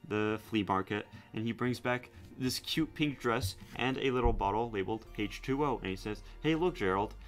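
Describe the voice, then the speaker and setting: A man's voice: fairly low pitch, normal speed, few pauses, soft background music. A man hosting a casual podcast, telling a rambling story with many fillers and restarts. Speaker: podcast host.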